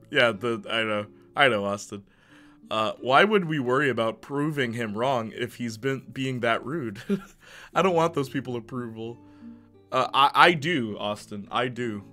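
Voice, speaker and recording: A male streamer chats with his viewers in a loose, joking way and laughs often. His voice is bright and forceful. Faint music plays behind him. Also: mid-range voice. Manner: jokey, laughs often, talks to chat. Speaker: live streamer. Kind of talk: casual live-stream chat.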